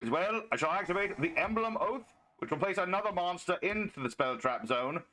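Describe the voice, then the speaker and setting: A man's voice: high-pitched, lively intonation, a little fast, bright, forceful tone, rough recording. A man commentating a card game while playing a pompous noble knight, with theatrical archaic phrasing.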